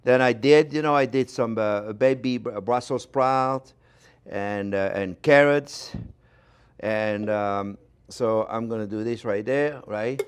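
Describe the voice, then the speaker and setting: A man's voice: medium pitch, takes it slowly, smooth. Older French-accented man, cooking show host, enthusiastic and rambling with restarts. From France. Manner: chatty, enthusiastic, lots of fillers and restarts. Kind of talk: casual cooking demonstration. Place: home kitchen.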